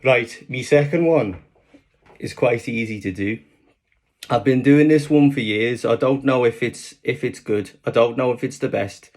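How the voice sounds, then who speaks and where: A man's voice: medium pitch, unhurried, a little mellow, lightly acted. A man putting on a Liverpool accent to play a chatty Scouse lad who rambles with many fillers. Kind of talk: accent demonstration, improvised chat.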